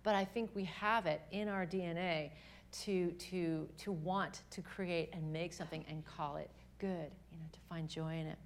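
A young adult woman giving an earnest, animated faith talk to a live audience at a women's gathering, often restarting her sentences. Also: fairly low pitch, normal speed, slight background noise.

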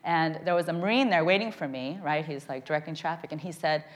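A woman telling a funny personal story to a live audience, lively and self-mocking, checking in with "okay?" and "right?". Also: low voice, fast talker, hardly any pauses.

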